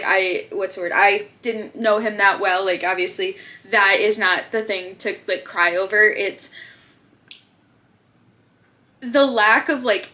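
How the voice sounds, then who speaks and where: A crochet vlogger with a Minnesotan accent tells a story in casual chat, turning it into an exasperated rant full of fillers. Her medium-pitched voice is bright and forceful.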